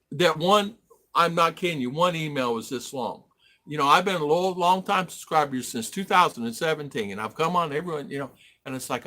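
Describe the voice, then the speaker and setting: A man's voice: a little high, sharp tone. A middle-aged man from the United States hosting a casual livestream, rambling and reading viewer comments aloud. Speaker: livestream host. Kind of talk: casual live-stream chat.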